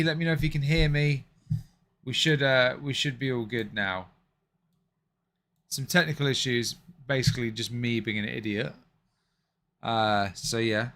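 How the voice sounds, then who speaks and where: Chatting casually on his live stream, this man has an unhurried, medium-pitched voice that's gravelly yet a bit bright. He mutters curses under his breath before apologizing to viewers.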